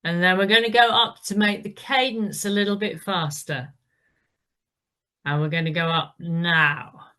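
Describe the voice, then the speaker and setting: Casting: female cycling instructor, low voice, unhurried, encouraging cues between efforts. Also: sharp tone. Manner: encouraging, calls out the rhythm. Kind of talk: indoor cycling class instruction.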